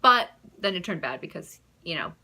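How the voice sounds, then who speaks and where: A woman's voice: lowish voice, big pitch swings, moderate pace, pushed and bright. A young American woman telling her own stories to the camera in a casual, chatty way, giggling, trailing off and restarting her sentences. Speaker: vlogger.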